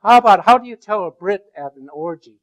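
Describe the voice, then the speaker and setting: A male university lecturer giving a classroom lecture, rambling and joking with many halting restarts. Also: high voice, animated, rough recording.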